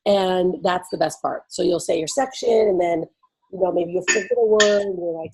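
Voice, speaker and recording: A woman with a somewhat low, slightly mellow and slightly rough voice briefs attendees at an event, talking a little fast. Her casual, bubbly style includes frequent laughter and plenty of "like" and "you know." The recording is rough.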